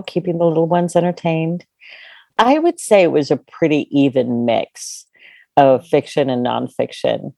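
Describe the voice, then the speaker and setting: Middle-aged woman, bookstore owner, low voice, dry close sound, gushing casual talk. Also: creaky, dry recording. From California. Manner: warm, enthusiastic, many fillers and restarts. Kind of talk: casual interview chat.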